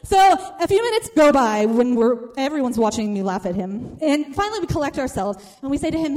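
A woman telling a funny personal story to a live audience, animated and acting out the people in it. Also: high voice, a little fast, hardly any pauses.

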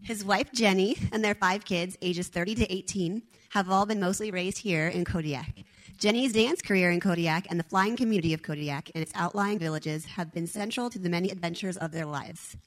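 A woman's voice: fairly low pitch, a little fast, poor audio. A woman hosting a storytelling event, reading a speaker's introduction steadily from notes.

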